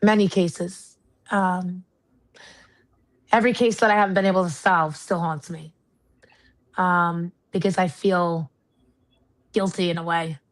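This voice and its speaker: A woman's voice: on the low side, fairly even intonation, a little slow, pauses often, low-quality recording. A woman from the United States, a retired marshal and paranormal investigator, speaking earnestly and candidly as an interview guest. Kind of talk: casual interview talk.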